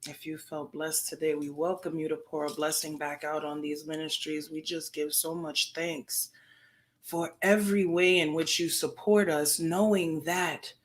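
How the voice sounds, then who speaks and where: Woman leading a guided prayer, slow and unhurried, answers everything with affirmations. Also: deep voice, flat delivery. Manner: call-and-response affirmations, laughing and playful. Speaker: co-host leading prayer and meditation.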